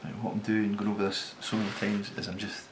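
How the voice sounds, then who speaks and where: A man with a low, gravelly voice talks through his sketch in a relaxed way, thinking aloud and catching his own slips. He sometimes drops to a mutter while he works. A steady hiss of noise sits under the recording. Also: fast talker. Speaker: designer sketching on camera. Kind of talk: casual commentary while sketching.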